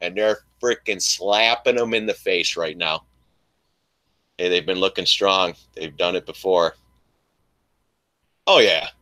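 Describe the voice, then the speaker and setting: Older male streamer, bright forceful tone, joking and mocking host. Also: low-pitched, a little slow, pauses often. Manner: animated, mocking, laughs often. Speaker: live stream host, trader. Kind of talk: casual live stream chat.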